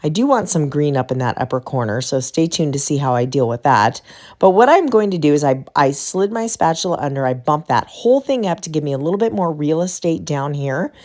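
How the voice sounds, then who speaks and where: A woman's voice: sits low, animated, brisk, darkish tone. A middle-aged woman hosting a crafting channel, chatting through her choices in a casual step-by-step tutorial. Her voice is still recovering from an illness.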